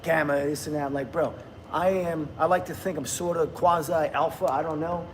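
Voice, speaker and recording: A man's voice: a little high, fairly even intonation, moderate pace, a little hiss or hum. Chatty New man livestreaming. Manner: chatty, laughs often, reads viewer comments aloud. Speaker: livestream host. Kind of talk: casual livestream chat with viewers.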